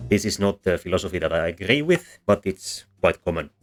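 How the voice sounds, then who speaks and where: A man's voice: low-pitched, lively intonation, fairly quick, soft background music. A man explaining a lesson in voice-over, hesitant and full of fillers and restarts. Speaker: language history explainer.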